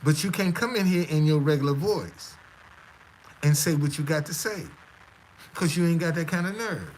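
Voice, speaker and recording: A man's voice: on the high side, moderate pace, slight background noise, poor audio. A man hosting a live stream, talking to his audience in a stammering, repetitive, defiant way. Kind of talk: casual live-stream monologue.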